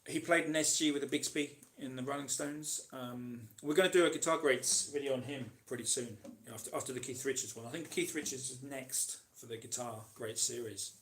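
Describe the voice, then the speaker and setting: A man from Britain hosts a relaxed live Q&A, answering viewers' comments off the cuff. His voice sits at an ordinary middle pitch. He meanders, restarts sentences and fills gaps with ums and "you know". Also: brisk, hardly any pauses, slight background noise. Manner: rambling, chatty, with many ums and restarts. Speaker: host answering live chat questions. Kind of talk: casual live Q&A chat.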